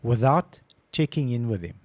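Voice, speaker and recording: A man's voice: mid-range voice, animated, moderate pace, no room sound. A man co-hosting a casual podcast who tells stories with animation and acts out his phone calls. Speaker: podcast co-host. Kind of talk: casual chat.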